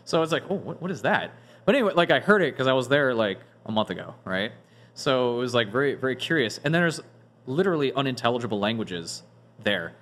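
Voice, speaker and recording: A man of ordinary pitch hosts a relaxed podcast conversation among friends. He explains things in long, meandering runs. He keeps restarting his sentences and leaning on filler words. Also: quick pace. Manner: rambling, many restarts and "like" fillers. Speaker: podcast host. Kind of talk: casual group discussion.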